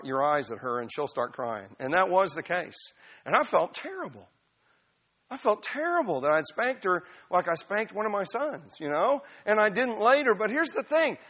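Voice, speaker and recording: A middle-aged man preaching from the pulpit with a notably high voice. His tone is bright and forward as he explains a passage. He keeps it conversational and emphatic, weaving in personal stories like he's talking with his own church family. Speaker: pastor. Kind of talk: expository sermon.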